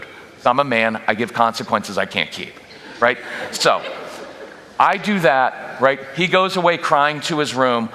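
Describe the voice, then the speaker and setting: A man giving a lively parenting workshop to a church audience, joking and acting out what parents and kids say. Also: medium pitch, moderate pace. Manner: energetic, jokey, acts out quoted parents and kids. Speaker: guest parenting speaker. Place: church auditorium. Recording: long reverb of a large church hall.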